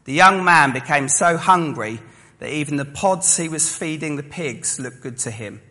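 Man, slightly high voice, sermon storytelling, long hall reverb. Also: lively intonation, normal speed, pushed and bright. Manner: storytelling, acting out voices of listeners. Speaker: preacher.

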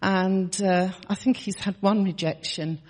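A woman's voice: medium pitch, fairly even intonation, measured pace, darkish tone, in a large hall. A woman in her sixties telling a personal testimony in a chatty storytelling way, laughing often and restarting her sentences. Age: 60s. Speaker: church member sharing testimony.

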